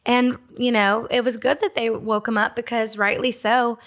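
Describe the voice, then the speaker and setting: With a fairly high voice that stays fairly level in pitch, a young Georgian woman speaks at a moderate pace in a devotional teaching for a Christian ministry. Her storytelling is casual and warm, dotted with fillers and small laughs.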